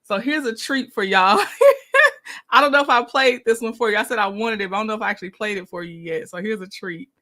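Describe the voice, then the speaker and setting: A woman's voice: medium pitch, animated, a little fast, pushed and bright. A woman hosting a casual livestream, greeting viewers by name and laughing often. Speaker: livestream host.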